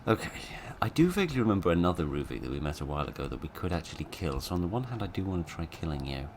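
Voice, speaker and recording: A man's voice: low voice, sing-song, very fast. A man, commenting on a horror game as he plays, rambling and self-mocking with dry humour. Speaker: gameplay commentator. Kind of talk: let's play commentary. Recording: noisy background.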